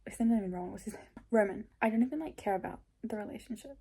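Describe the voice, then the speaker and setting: A young woman chatting casually in a reading vlog, gushing about books with lots of fillers and quiet whispered asides. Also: medium pitch, racing, slightly rough. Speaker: book vlogger.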